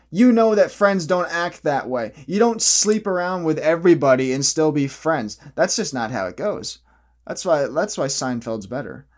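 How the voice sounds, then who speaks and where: A young man in a casual, opinionated vlog monologue who rambles, restarts often and laughs at his own jokes. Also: on the high side. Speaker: vlogger.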